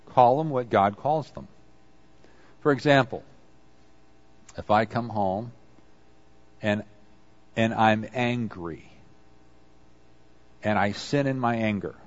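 A man's voice: lowish voice, dull audio. A man preaching a conversational sermon, acting out quoted apologies as he goes. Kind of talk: sermon on confession.

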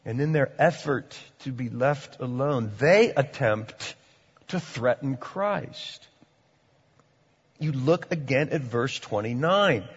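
Husky preacher in a reverberant hall. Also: male voice, mid-range voice, lively intonation, slow pace, highs cut off. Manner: dramatic preaching, swinging from loud to hushed. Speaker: pastor. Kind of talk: sermon. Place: church hall.

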